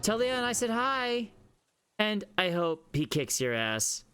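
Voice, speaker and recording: A man's voice: sits high, sing-song, slow, pushed and bright, clean tone, soft background music, full character voice. A man doing a bratty foul-mouthed young woman. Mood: furious. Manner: sassy, sarcastic, swearing. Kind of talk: reading a visual novel aloud.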